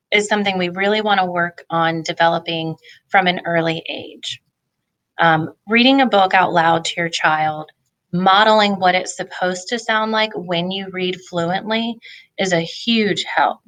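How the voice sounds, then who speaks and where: A woman's voice: mid-range voice, fairly bright tone, low-quality recording. A woman presenting a reading lesson for parents, explaining in a friendly way with the odd filler. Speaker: family literacy presenter. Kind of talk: instructional talk for parents.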